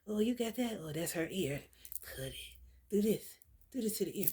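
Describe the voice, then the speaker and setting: A woman, giving a blunt, profane spiritual vlog reading with loud outbursts. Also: medium pitch, animated, moderate pace, background noise. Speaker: spiritual content creator.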